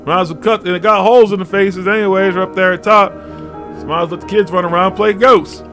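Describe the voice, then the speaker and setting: A man's voice: high-pitched, steady tone, brisk, fairly bright tone, soft background music, pitched above the performer's own voice. A man on a live radio talk show putting on a folksy rural hillbilly voice with a twangy drawl.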